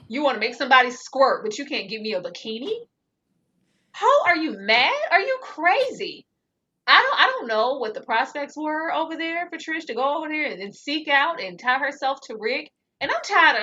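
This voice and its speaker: A woman co-hosting a reality show breakdown, ranting with animated disbelief in casual chat. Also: on the high side, lo-fi sound. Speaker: co-host reviewing a reality show.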